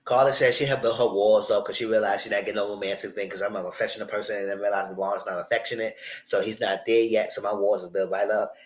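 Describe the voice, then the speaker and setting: A young man hosting a casual live TV recap, animated and slipping into the voices of the people he quotes. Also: lowish voice, quick pace, reverberant, rough recording. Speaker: YouTube TV recap host.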